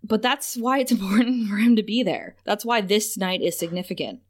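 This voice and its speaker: A woman's voice: medium pitch, animated, a little fast. A woman co-hosting a podcast, retelling TV scenes in casual chat with gushing enthusiasm. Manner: gushing, retells scenes with lots of laughs and "right?". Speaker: podcast co-host. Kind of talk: casual chat recapping a TV episode.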